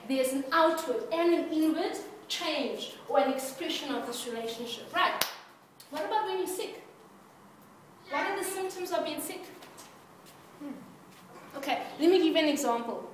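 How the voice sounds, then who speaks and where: Lively woman preacher, high voice, quizzing the congregation, recorded from far off in an echoey church hall. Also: moderate pace, long pauses. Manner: playful, asks the congregation questions, laughs often. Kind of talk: interactive sermon. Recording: echoey hall, distant mic, background hiss.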